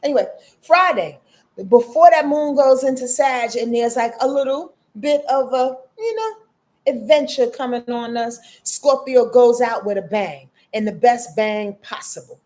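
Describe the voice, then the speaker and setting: A woman in her fifties giving a casual astrology forecast, slangy and profane, calling her listeners y'all and swinging between loud outbursts and soft murmurs. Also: fairly high pitch, unhurried. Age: 50s. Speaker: astrology host.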